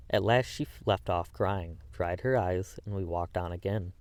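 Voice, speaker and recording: A man with a low voice reads a classic novel aloud, earnest and emotive, now and then stumbling over a word. The recording is dry and close, with no room sound. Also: steady tone, normal speed, few pauses, a little mellow, dry recording. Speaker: audiobook narrator. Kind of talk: classic novel audiobook reading.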